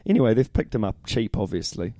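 A man's voice: lowish voice, lively intonation, fast, mellow, dry recording, studio quality. A middle-aged man co-hosting a casual sports chat, laid-back and matey, often tossing questions back. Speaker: podcast co-host.

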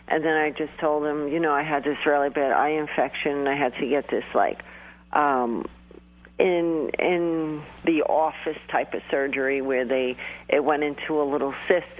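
A man's voice: fairly high pitch, a little hiss or hum. Man talking over a tinny phone line. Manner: rambling, hesitant, full of restarts and fillers. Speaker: guest psychic medium. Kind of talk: telling a personal story on a call-in interview. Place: calling in from home in New York.

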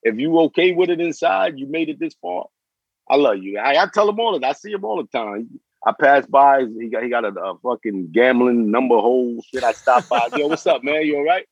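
Brief: forties male guest, husky and dry, cursing street-slang storyteller, lo-fi dull recording. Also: medium pitch, lively intonation, moderate pace, no room sound. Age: 40s. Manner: profane street slang, repeats and restarts phrases. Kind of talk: casual interview storytelling.

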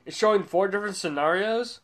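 Host, man, slightly high voice, easygoing, loose trailing sentences. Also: fairly quick, a bit bright. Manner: laid-back, trailing sentences, says dude. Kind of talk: casual chat reviewing ads.

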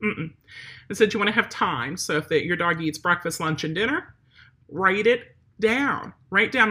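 A woman's voice: fairly low pitch, lively intonation, normal speed, bright, forceful tone. A woman dog trainer giving direct, chatty instructions on potty training a dog, talking straight to the viewer. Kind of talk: instructional talk.

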